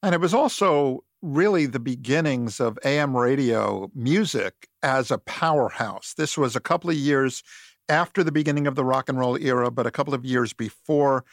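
A man's voice: medium pitch, moderate pace, dry recording, studio quality. A man hosting an interview, laying out the background of his guest's career. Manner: informed, recapping history for the guest. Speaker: podcast host. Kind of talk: interview questions.

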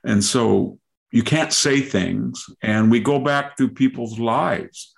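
A man's voice: mid-range voice, takes it slowly, gravelly. An older man hosting a podcast, giving discursive political commentary that piles up lists and mock quotations. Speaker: podcast host.

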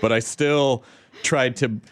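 A man's voice: mid-range voice, fairly even intonation, takes it slowly. Playful man from the American South. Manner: playful, laughs often, slips into silly voices. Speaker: host. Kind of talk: casual chat.

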